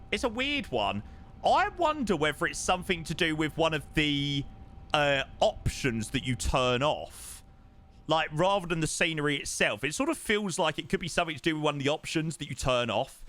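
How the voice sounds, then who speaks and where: A man's voice: fairly high pitch, big pitch swings, normal speed, fairly bright tone, slight background noise. A young man streaming live, chatting casually in a rambling way with sighs and yawns, tired. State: tired, yawning. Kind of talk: casual chat.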